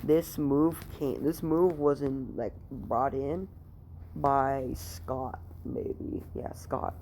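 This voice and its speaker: A man's voice: mid-range voice, fairly even intonation, very slow, a little mellow, a little hiss or hum. A man casually making up a fan-fiction story aloud, rambling, with lots of "you know" and "like", swearing freely.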